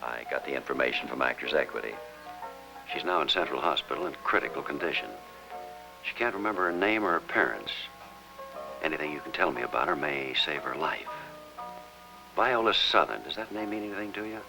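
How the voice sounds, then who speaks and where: An actor playing a middle-aged hospital chaplain in a 1950s television drama, asking calm, earnest questions. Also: male voice, very deep voice, fairly quick, gravelly, music in the background, exaggerated voice, rough recording.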